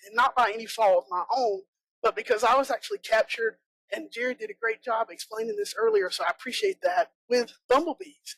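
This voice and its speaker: A woman from South Georgia, USA, with a Southern American accent gives a chatty, joking conference talk as a bee inspector. Her voice is a little high with some vocal fry, and the conference room recording has no echo but poor audio.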